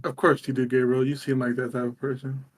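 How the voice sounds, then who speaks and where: A man's voice: medium pitch, little pitch movement, fast. A young man co-hosting a live podcast, blunt and wisecracking, swearing freely. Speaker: podcast co-host. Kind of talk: casual live stream banter.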